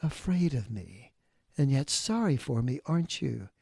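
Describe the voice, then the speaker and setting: A man voicing a proud, half-mad fallen angel who talks low and mutters, sometimes in a whisper. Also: animated, measured pace, darkish tone, dry recording, clean studio sound. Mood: muttering.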